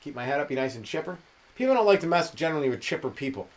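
A man's voice: fairly high pitch, big pitch swings, rapid-fire. A male comedian hosting a podcast, rambling through a loose, profane solo monologue and dropping into mocking voices for the people he quotes.

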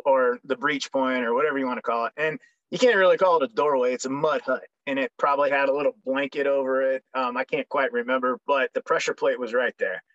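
A man's voice: mid-range voice, a bit bright, no echo. Young vet guy telling war stories, joking around, lots of ums, dry kinda muffled sound. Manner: frank, joking, many ums and restarts. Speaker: guest, military veteran. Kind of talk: casual storytelling interview. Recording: dry, slightly dull recording.

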